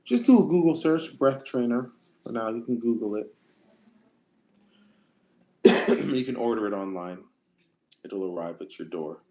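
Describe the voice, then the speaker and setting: A man coaching singers on a livestream, answering chat questions in a relaxed, conversational way that often repeats itself. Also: mid-range voice, unhurried, long pauses. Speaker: vocal coach.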